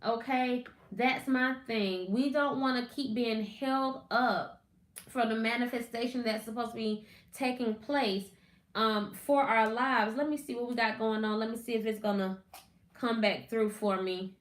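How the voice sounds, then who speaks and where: A woman's voice: on the high side, fairly even intonation, a little slow. A woman hosting a casual live stream, chatty and greeting viewers by name. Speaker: podcast host. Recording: echoey room.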